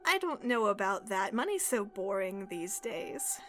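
A woman's voice: mid-range voice, sing-song, a little slow, soft background music. Woman voicing a sly greedy trinket collector. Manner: teasing, theatrical. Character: cackling greedy female collector of curiosities.

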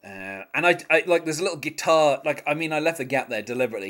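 A man's voice: mid-range voice, fast, hardly any pauses, a bit bright. A man co-hosting a casual music podcast, talking in a hesitant, chatty way with many fillers and short laughs. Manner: chatty, hesitant, reads lyrics aloud with laughs. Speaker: podcast co-host.

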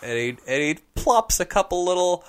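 A man co-hosting a casual chat, telling an animated story and slipping into character voices. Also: sits high, moderate pace, smooth. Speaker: podcast co-host.

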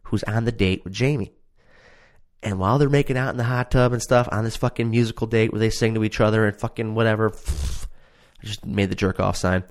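A man's voice: on the low side, steady tone, fairly quick. A man casually ranting about a reality show he watched, profane, sarcastic and exasperated. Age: adult. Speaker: show reviewer.

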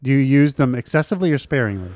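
A man's voice: medium pitch, animated, very fast, a little mellow. A man co-hosting a podcast in casual comedic chat, with a dry, mock-serious manner. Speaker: podcast co-host. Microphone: studio mic.

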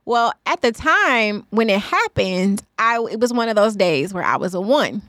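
A woman in her thirties, a podcast co-host, telling a profane, animated story in casual chat and acting out the lines of the people in it. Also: mid-range voice, normal speed, no echo. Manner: profane, animated storyteller who acts out quotes. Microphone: studio microphone.

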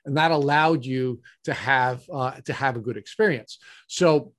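A man's voice: medium pitch, unhurried, fairly bright tone, no echo. A man hosting an interview, talking earnestly with frequent restarts and repeated words. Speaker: podcast host. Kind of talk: interview conversation.

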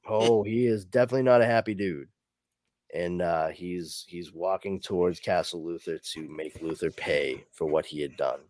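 Low-voiced rambling man recapping comics. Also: normal speed, darkish tone, no echo, studio quality. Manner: rambling, lots of fillers. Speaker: podcast host. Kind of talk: casual comic book recap.

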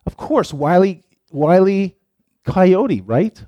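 A man's voice: on the high side, a little slow, dark tone, dry recording, studio quality. A middle-aged man, a pastor, giving a playful, chatty sermon and talking directly to his listeners. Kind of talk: casual sermon.

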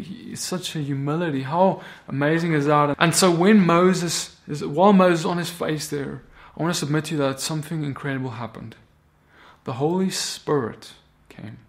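A man's voice: on the high side, gravelly. A man teaching a Torah portion in a sermon, talking animatedly and often acting out the biblical figures' words in character. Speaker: Bible teacher.

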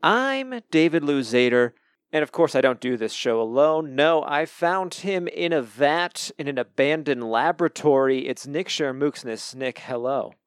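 A man's voice: mid-range voice, normal speed, clean tone, no room sound, studio quality. A man hosting a casual podcast, teasing his co-host with jokes. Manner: jokey, teasing.

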